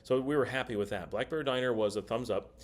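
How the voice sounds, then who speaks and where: A man's voice: medium pitch, quick pace. A middle-aged man hosting a casual livestream, chatting and reading viewer comments aloud. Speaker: livestream host.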